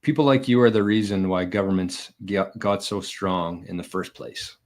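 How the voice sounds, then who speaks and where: A low-voiced man from Canada talks straight into his daily vlog. He reads out viewer comments and answers them bluntly, with plenty of swearing and a combative edge. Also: moderate pace. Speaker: bitcoin vlogger.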